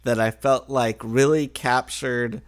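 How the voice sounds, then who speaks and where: A man co-hosting a podcast, casual chat and dry, deadpan comic reading. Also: medium pitch, slow pace. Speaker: podcast co-host.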